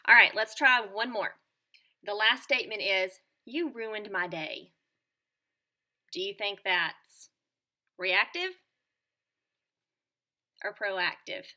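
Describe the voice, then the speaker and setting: A woman teacher presenting a scripted lesson to children in a clear, upbeat and encouraging tone. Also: mid-range voice, takes it slowly, pauses often, sharp tone. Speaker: teacher presenting a school morning show lesson.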